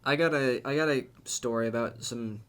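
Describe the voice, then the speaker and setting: A young man co-hosting a podcast in casual chat, crude and halting, with many stops and restarts. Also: medium pitch, fairly bright tone, smooth. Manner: crude, halting, lots of fillers. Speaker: podcast co-host.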